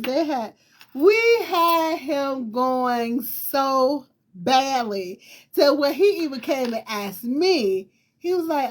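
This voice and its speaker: A woman host casually telling a personal story to her viewers, with a distinctive voice, acting out bits of dialogue and laughing as she goes. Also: sits high. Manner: animated, repetitive retelling with quoted dialogue and laughter. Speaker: talk show host.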